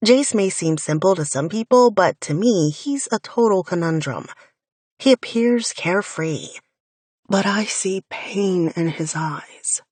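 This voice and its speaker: Woman audiobook narrator, slow and deliberate, breathy husky tone, lower-pitched, intimate wry first-person telling, dry close studio sound. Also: dry recording. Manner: intimate, wry inner monologue.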